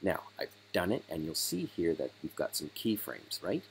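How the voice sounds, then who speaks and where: A man hosting a casual step-by-step software tutorial, hoarse as he is losing his voice. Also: low voice, wildly swooping pitch, normal speed, poor audio. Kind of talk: screen-recorded software tutorial.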